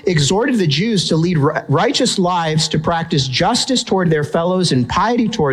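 A man's voice: fairly high pitch, animated, moderate pace, few pauses, slightly rough, low-quality recording. A man preaching a sermon in an emphatic, conversational way, often asking rhetorical questions. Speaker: pastor.

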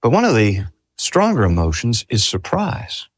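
A man's voice: medium pitch, huge pitch swings, normal speed, breathy edge, no room sound. An older man preaching a sermon. He speaks earnestly, drags out key phrases for emphasis and asks the listeners rhetorical questions. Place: talk at a cancer hospital.

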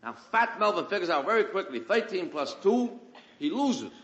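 A man's voice: high-pitched, animated, moderate pace. A man doing stand-up, telling a streetwise story and acting out the characters' lines. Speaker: stand-up comedian. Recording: roomy live stage recording with loud audience laughter. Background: audience laughter.

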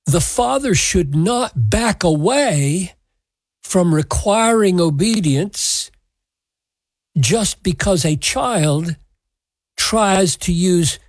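A man preaching a sermon, expounding scripture in a measured, emphatic way. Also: high voice, dry recording, low-quality recording. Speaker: pastor.

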